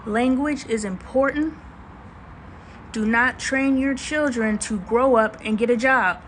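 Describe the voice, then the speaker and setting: A woman's voice: on the high side, unhurried, a bit bright, a little hiss or hum, low-quality recording. A woman hosting a casual livestream chat, talking in a slangy, emphatic way with preachy asides and greeting viewers. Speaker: livestream host.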